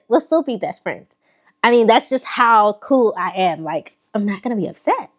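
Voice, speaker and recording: A woman's voice: medium pitch, moderate pace. A woman with a Southern accent, chatting casually and sassily to her viewers while showing off a fashion haul. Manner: sassy, animated, talks straight to viewers. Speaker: fashion vlogger.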